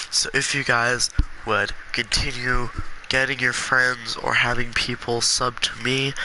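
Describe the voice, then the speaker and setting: A congested man talking earnestly and with passion in a gaming vlog, with halting restarts. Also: mid-range voice, pushed and bright, a little hiss or hum, low-quality recording. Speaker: gaming video creator.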